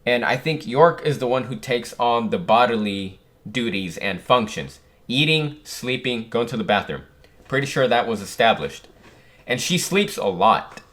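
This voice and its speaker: Young male reaction host, reads under his breath, then blurts out excited reactions. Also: medium pitch, moderate pace. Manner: muttered reading breaking into loud surprised exclamations. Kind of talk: reading aloud and reacting.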